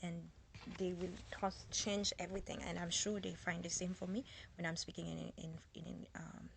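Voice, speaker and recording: A woman with a strong French accent giving a casual French lesson, slowly repeating and spelling out words. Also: fairly low pitch, little pitch movement, gravelly, slight background noise. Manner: slow, repeats and spells out words, code-switching. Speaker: French teacher.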